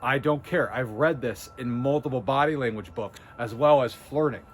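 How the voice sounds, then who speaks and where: A man's voice: medium pitch, moderate pace, a little hiss or hum. Blunt, intense man coaching on camera. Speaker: body language video host. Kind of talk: casual direct-to-camera coaching talk.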